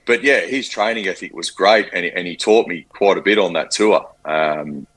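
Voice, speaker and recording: A former rugby league player in his forties with an Australian accent, telling stories in a casual interview, animated and full of fillers. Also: low-pitched, normal speed, slightly rough. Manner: animated storyteller, acts out quotes, frequent fillers.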